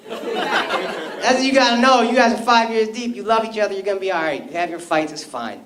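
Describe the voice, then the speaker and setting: A man doing stand-up comedy and loud, slangy crowd work in front of a live audience. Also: high voice, fast talker. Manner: loud, animated, slangy banter. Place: comedy club stage before a crowd. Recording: roomy live club sound with crowd noise.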